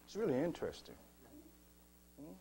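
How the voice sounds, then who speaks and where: A man giving a spiritual teaching talk, slow and measured, asking his listeners rhetorical questions and calling them beloved. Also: on the high side, wildly swooping pitch, gravelly, warm tone, a little hiss or hum.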